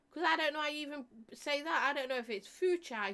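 A woman's voice: sits high, fairly quick, few pauses, pushed and bright. A woman hosting a live stream, chatting casually with her viewers, laughing often and joking as she reads out their comments.

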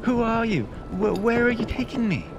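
A man voicing a frightened little girl who pleads in a high, strained voice in a storybook reading. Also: lively intonation, moderate pace, lo-fi sound, background noise.

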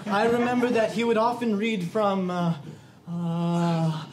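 A young man playing a bumbling priest in a mock-solemn, slow and grand manner, recorded from a distance in a roomy space over a noisy crowd. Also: high-pitched, flat delivery, a little mellow.

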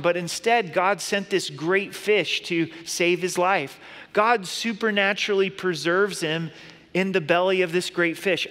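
A man's voice: on the high side, a bit bright, big-room sound. A middle-aged man preaching a sermon as a pastor, earnest and conversational, with playful everyday asides.

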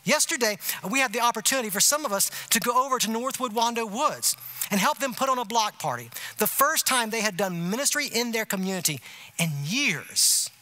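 A man's voice: extremely high pitch, a little fast. A male pastor, preaching a conversational sermon full of rhetorical asides like "you see what I'm saying?". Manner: animated, emphatic delivery. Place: church sanctuary.

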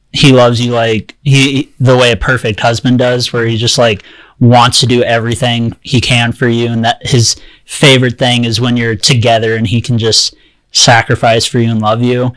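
A man on a podcast panel, talking in a wry, joking way with halting fillers. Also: mid-range voice, a bit bright, no echo, low-quality recording. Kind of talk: casual panel discussion.

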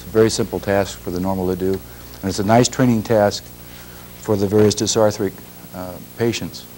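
Low-voiced man demonstrating in a lab. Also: steady tone, darkish tone, a little hiss or hum, rough recording. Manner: measured, explanatory, with pauses and throat clearing. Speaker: instructor. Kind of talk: classroom demonstration.

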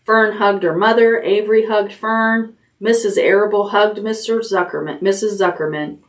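A woman librarian reading a children's chapter book aloud at bedtime, gently, raising her voice for the characters' lines. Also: steady tone, normal speed. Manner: gentle storytelling, lifts pitch for character lines.

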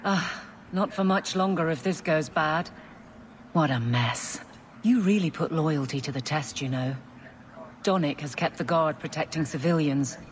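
A woman's voice: low-pitched, a little slow, slight background noise. An actress playing a stern, steadfast woman guard captain in a game, speaking bluntly. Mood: grim. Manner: blunt, no-nonsense.

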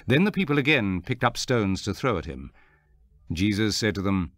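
A man narrating scripture for an audio Bible with a measured, even delivery. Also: deep voice, no room sound. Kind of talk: scripture reading.

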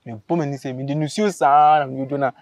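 A man, casually telling a story on a vlog, animated and laughing as he acts out what people said. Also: medium pitch, a little fast, no room sound, dull audio. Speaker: vlogger host.

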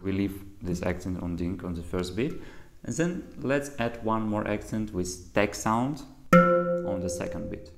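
A man's voice: low voice, lively intonation, a little slow, creaky, over music. A man whose first language is Russian teaches a handpan lesson, explaining patiently in simple English. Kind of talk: music lesson instruction. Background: handpan playing.

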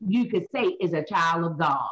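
A woman, hosting a Bible talk show as a minister, preaching in an animated way and asking and answering her own questions. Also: on the low side, normal speed. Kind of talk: animated Bible study teaching. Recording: dull lo-fi sound.

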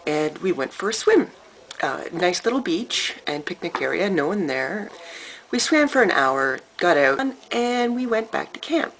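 A woman telling a story to camera in an animated, emphatic way, with dramatic pauses. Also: fairly low pitch, rough recording. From Canada. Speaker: vlogger.

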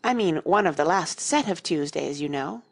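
A woman reading the part of an anxious, muddled elderly queen in a fairy-tale audiobook, talking softly and vaguely. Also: low-pitched, animated, normal speed, exaggerated voice. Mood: fretful. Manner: fretful, wandering, breathy and soft.

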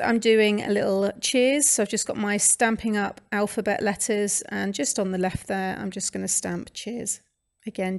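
A woman's voice: mid-range voice, vocal fry. A British woman hosting a craft channel, chatting casually through a scrapbooking voice-over with fillers and restarts. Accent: British English. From United Kingdom. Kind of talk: casual voice-over narration of a scrapbooking process video.

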